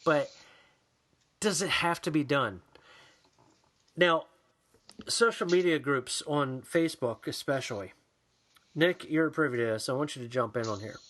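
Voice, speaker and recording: A man's voice: a little high, measured pace, long pauses, fairly bright tone. A man co-hosting a podcast in casual, profane chat, ranting and mocking people in put-on voices. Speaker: podcast co-host.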